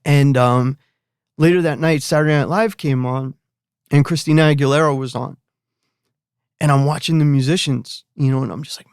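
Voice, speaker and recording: A man's voice: on the high side, fairly even intonation, normal speed, clear, resonant tone, dry recording, studio quality. A middle-aged man, a guest musician, casually telling a story, rambling with lots of fillers and restarts.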